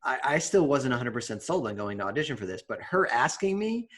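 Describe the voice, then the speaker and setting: A young man co-hosting a podcast, telling stories in a relaxed, chatty way with many fillers and restarts. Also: mid-range voice, fast talker. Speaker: podcast co-host. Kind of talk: casual chat.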